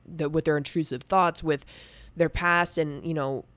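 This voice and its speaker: A woman's voice: deep voice, steady tone, moderate pace, fairly bright tone, no echo. A young woman talking candidly and at length about her own feelings, rambling with many restarts and filler words. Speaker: podcast host. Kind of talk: candid personal talk.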